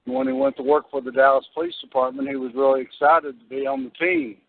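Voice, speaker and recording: A man sharing an anecdote on talk radio in a relaxed storytelling way. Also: fairly high pitch, fast talker, creaky, a little hiss or hum. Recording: tinny phone line.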